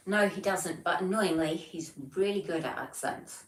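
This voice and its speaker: This woman, in her forties and from England, speaks with a Devon accent as she hosts a livestream, casually reading out comments and joking at her own expense. Her deep voice moves at a measured pace, and the rough recording sounds roomy and distant.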